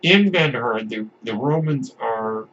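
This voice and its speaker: A mid-range, expressive voice with a fairly bright tone takes its time here as a podcast host discusses films casually. He rambles, restarts sentences often, and throws in asides. The sound is dull and lo-fi, with faint background noise.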